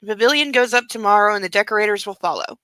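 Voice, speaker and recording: A woman reading the lines of a warm, doting middle-aged mother in a gentle, fond delivery. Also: medium pitch, rapid-fire, clean tone, dry recording, close to an everyday voice, low-quality recording. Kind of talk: reading a novel aloud.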